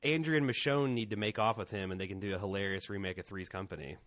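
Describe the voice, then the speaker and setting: A man's voice: lowish voice, fast talker, fairly bright tone. A man co-hosting a casual podcast, trading playful, teasing banter. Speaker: podcast co-host.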